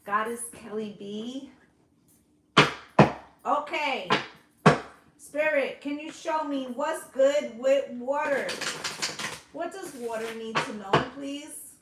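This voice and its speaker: A woman's voice: high-pitched, slow pace, long pauses, very noisy. A woman giving a casual tarot reading, chatty and coaxing, swearing freely and checking in with her listeners as she goes. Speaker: intuitive tarot reader. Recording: roomy echo.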